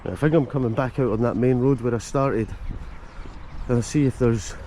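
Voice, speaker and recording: A Scottish man of middling pitch talks into a handheld camera as he strolls through a village, chatty and quick with jokey asides. Faint traffic and outdoor ambience sit behind him. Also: fairly even intonation, warm tone. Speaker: vlogger and host. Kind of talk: casual walking vlog. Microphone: handheld camera mic.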